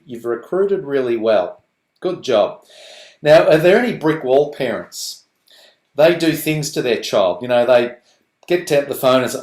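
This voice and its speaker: A man presenting to parents on a video call, animated and playful, slipping into quick voices to act out parents and children. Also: medium pitch, reverberant.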